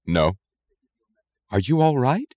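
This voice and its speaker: A man voicing a firm, clear-voiced man who talks low and steady, in a dull, lo-fi audiobook recording. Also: slow pace.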